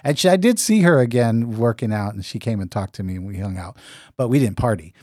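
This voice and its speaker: A man's voice: on the low side, lively intonation, brisk, mellow, no echo, clean studio sound. A man co-hosting a podcast, telling a long rambling anecdote in casual chat and acting out the dialogue he quotes. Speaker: podcast co-host.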